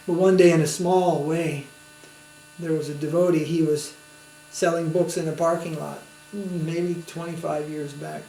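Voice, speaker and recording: A man's voice: a little high, level tone, measured pace, creaky, mellow. A man, a swami, giving a spiritual lecture in a conversational storytelling manner, asking his listeners to follow along. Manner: conversational, anecdotal, with tag questions. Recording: roomy with faint hum.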